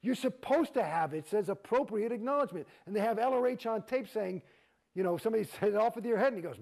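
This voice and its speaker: A middle-aged man, an actor, telling his own story in an interview, profane and animated, acting out the exchanges he describes. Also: high voice, fast talker, vocal fry. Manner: profane, animated, gets heated and acts out quoted exchanges.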